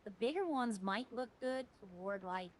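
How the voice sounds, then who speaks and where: A woman's voice: mid-range voice, lively intonation, normal speed, slight background noise, low-quality recording. A woman streamer chatting casually while playing a game, rambling and earnest, often restarting her sentences.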